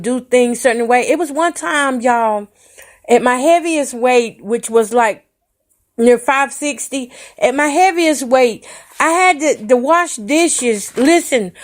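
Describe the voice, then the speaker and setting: A woman tells her own story on a podcast. Her voice sits a little high, and she speaks candidly and with plain emotion. She talks straight to her listeners as if they were friends. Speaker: podcast host.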